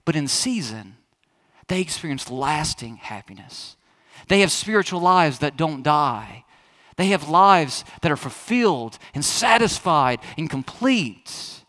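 A man's voice: on the high side, very animated, a little slow, fairly bright tone. A man in his thirties, a pastor preaching a sermon in a chatty, storytelling way that speaks straight to the congregation.

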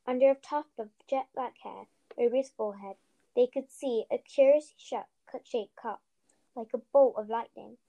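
A woman co-hosting a podcast, reading a children's novel aloud with steady storytelling and a few slips. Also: a little high, normal speed, creaky, low-quality recording. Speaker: podcast co-host, reader.

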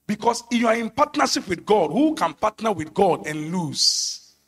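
High-voiced preacher, emphatic. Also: male voice, very animated, normal speed, husky. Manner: emphatic, rising to sung shouts on key phrases. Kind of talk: sermon.

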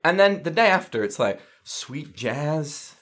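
Brief: male co-host, animated and profane, expressive pitch swings. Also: unhurried. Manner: animated, swearing, acts out quotes. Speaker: podcast co-host. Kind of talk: casual film review chat.

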